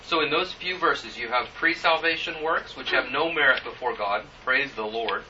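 A man preaching a sermon, reading scripture and telling a personal story in an earnest, halting way with many fillers. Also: mid-range voice, pushed and bright, a little hiss or hum. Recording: muffled, distant church recording.

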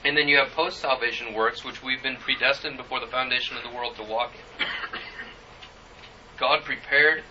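A man preaching a sermon, reading scripture and telling a personal story in an earnest, halting way with many fillers. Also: mid-range voice, fairly even intonation, background noise. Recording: muffled, distant church recording.

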